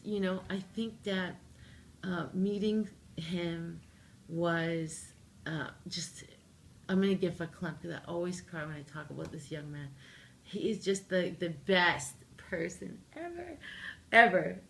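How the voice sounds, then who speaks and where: Gravelly-voiced woman telling a funny story. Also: on the low side, slight background noise. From Canada. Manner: animated, jokey, acts out her own lines. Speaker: interview guest, singer-songwriter. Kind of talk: casual storytelling interview.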